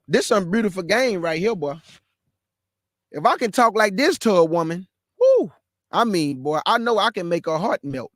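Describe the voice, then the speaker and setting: Fervent high-voiced man preaching. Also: a bit bright, no room sound, clean studio sound. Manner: fervent, exclaims and calls out to listeners. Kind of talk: fervent scripture reading and preaching.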